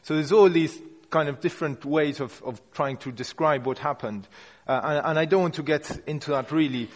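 A man's voice: a little high, moderate pace. A man giving an informal sermon, talking through a passage in a conversational, unpolished way, often restarting phrases. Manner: conversational and unpolished, with frequent restarts and hedging words. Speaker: preacher. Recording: long hall reverb.

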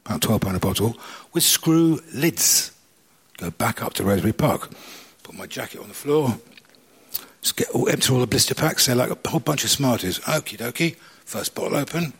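A man telling his own life story to an audience, animated and acting out the conversations he recalls. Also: mid-range voice, vocal fry, slightly rough. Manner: animated storyteller, acts out dialogue. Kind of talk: personal testimony to an audience.

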